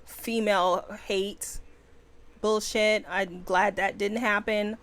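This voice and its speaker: A woman co-hosting a book podcast, talking in a relaxed, plain-spoken way. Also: medium pitch, slow pace. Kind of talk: casual book review chat.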